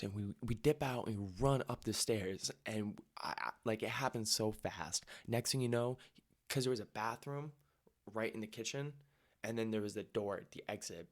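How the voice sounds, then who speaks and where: A man's voice: lowish voice, no room sound, studio quality. A young man hosting a podcast from home, rambling and swearing freely as he tells a comic party story. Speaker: podcast host. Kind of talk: comedic storytelling. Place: home room.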